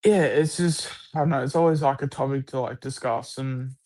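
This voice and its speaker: A man's voice: mid-range voice, fairly even intonation, moderate pace, dark tone. An Australian man chatting casually about sport on a live stream, rambling with lots of restarts and the odd swear word.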